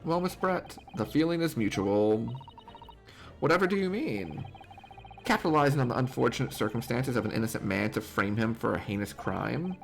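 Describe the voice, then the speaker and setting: Earnest young game lawyer read by a man, sharp comebacks, lively rising pitch. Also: moderate pace, gravelly, faint music behind. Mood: pointed.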